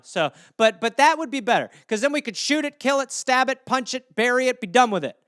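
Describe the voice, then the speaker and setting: Brief: animated comedy host, a man with a high, lively and crisp voice, profane casual riffing, dry close sound. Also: fairly quick, few pauses, no room sound.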